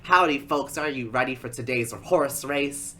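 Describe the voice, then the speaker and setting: A man voicing a cartoon boy working as a loud, showy horse-race announcer. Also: normal speed, a crowd in the background, natural voice. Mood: excited. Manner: booming folksy announcer delivery.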